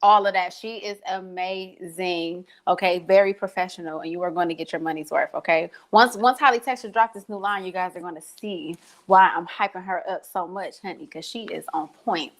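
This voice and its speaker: A woman's voice: on the low side, moderate pace, hardly any pauses. Easygoing young woman co-host. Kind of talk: casual live-stream chat.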